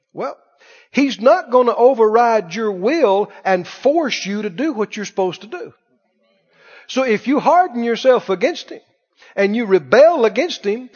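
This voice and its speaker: A male pastor preaching a sermon emphatically, with call-and-response questions to the congregation. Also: high-pitched. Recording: dull echoey church recording.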